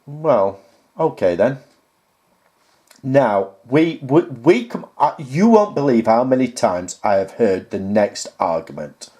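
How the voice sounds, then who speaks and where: Slow, dark-toned and very animated, a man with a medium-pitched voice speaks casually to camera as a YouTuber. He reads out viewer comments and counters each point with sarcastic exasperation.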